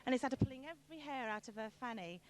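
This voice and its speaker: A woman's voice: high-pitched, expressive, fast talker, slight background noise. A woman and former pub worker, chatty and cheeky, telling a rude joke.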